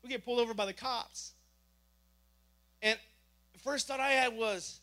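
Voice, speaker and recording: A man giving a spoken testimony to a congregation, telling an animated story and acting out the dialogue himself. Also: very high-pitched, normal speed. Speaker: church member giving testimony.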